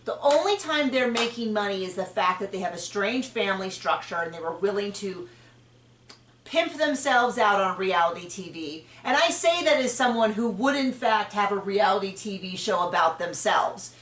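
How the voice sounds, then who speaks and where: A woman hosting a podcast, chatting frankly and opinionatedly about a reality show, with quick asides and self-corrections. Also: medium pitch, expressive, a bit bright. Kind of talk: casual opinionated chat. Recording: roomy distant mic.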